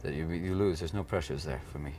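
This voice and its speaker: Rumbling low and fast with a darkish tone, this American man in his thirties is an actor being interviewed at a playful press junket. He rambles and frequently drops into comic voices, with a faint hiss or hum audible.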